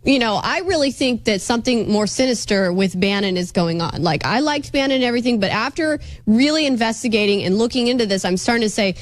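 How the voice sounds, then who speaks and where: A woman's voice: a little high, expressive, quick pace, few pauses. A woman reporter on a political talk show, making her case by asking questions and answering them. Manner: earnest, builds arguments with questions.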